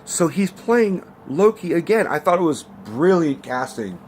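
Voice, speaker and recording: A man's voice: on the high side, sing-song, measured pace, darkish tone, slight background noise. A man giving a casual, rambling movie review rant, swearing freely and filling gaps with ums and likes. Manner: rambling and profane, full of fillers. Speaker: film reviewer.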